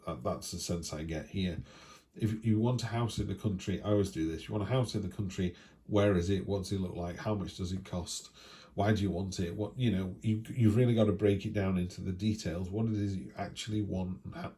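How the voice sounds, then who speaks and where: A man with a warm, low-pitched voice gives a casual weekly tarot reading from home. He rambles along chattily, often checking in with tag questions.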